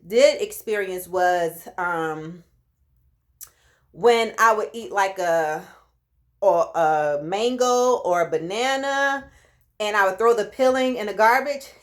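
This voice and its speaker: A woman in her late thirties telling a personal story in a casual vlog, lively and acting out what people said. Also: mid-range voice. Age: 30s. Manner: animated, acts out quoted voices. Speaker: vlogger.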